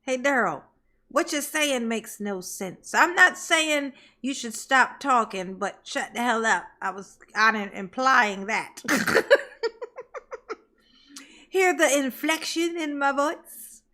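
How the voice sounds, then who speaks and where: A woman with a bright, fairly high voice talks over a clip in casual, sarcastic commentary. Her tone is mocking and teasing, and she often breaks into laughter. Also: expressive, slow. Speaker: commentary streamer.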